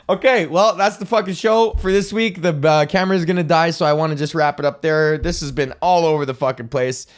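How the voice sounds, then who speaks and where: A man's voice: on the high side, a little fast, hardly any pauses, clean tone. A young man hosting his own comedy podcast, ranting casually, swearing a lot and laughing at his own jokes. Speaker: podcast host.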